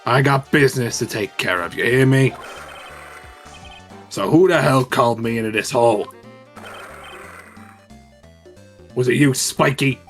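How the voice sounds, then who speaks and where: A man's voice: medium pitch, moderate pace, faint music behind, close to an everyday voice. A man voicing a brash, menacing male thug with a put-on Brooklyn accent, reading game dialogue aloud. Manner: tough-guy street talk, bullying and threatening.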